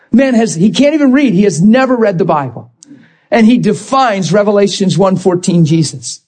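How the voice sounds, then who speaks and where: A man's voice: high-pitched, lively intonation, moderate pace, a little mellow, breathy edge. A man preaching a sermon, impassioned and rising to emphatic bursts.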